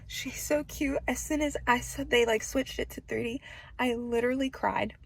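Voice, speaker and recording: Bubbly gushing woman with a gravelly edge. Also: fairly high pitch, steady tone, normal speed, a little hiss or hum. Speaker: pregnancy vlogger. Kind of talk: casual chat to camera. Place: hospital room.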